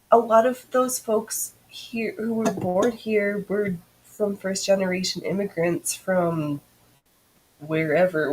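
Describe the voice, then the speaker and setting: A woman's voice: medium pitch, a little mellow, poor audio. A woman guest in a casual chat, talking in a playful, easy way.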